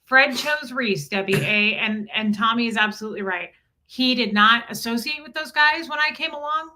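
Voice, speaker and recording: Bright-voiced woman telling a personal story. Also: on the high side, normal speed. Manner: earnest, animated, repeats herself. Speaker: co-host. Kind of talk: emotional live-stream storytelling.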